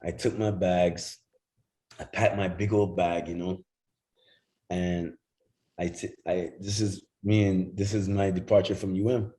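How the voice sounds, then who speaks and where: Middle-aged man, lowish voice, animated storyteller who jumps into other people's voices and swears freely. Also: unhurried. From Jamaica. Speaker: guest. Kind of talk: casual storytelling chat.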